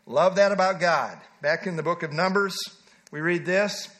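A man's voice: sits high, normal speed, fairly bright tone. A man preaching a sermon, reading scripture aloud and stepping aside for emphatic asides.

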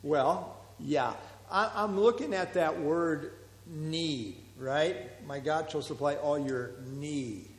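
A man's voice: fairly high pitch, slow pace. Echoey man teaching a Bible class. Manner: explains and quizzes the class, many fillers. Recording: roomy hall with long reverb.

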